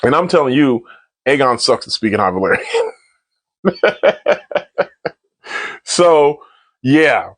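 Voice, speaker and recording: A man's voice: medium pitch, slow pace, long pauses, no room sound. A man runs through a TV episode recap in loose, slangy talk, full of energy. His voice sits in a mid range. The recording is dry and close, with no room sound. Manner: slangy, animated, laughs often. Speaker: TV episode reviewer. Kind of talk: casual spoiler recap.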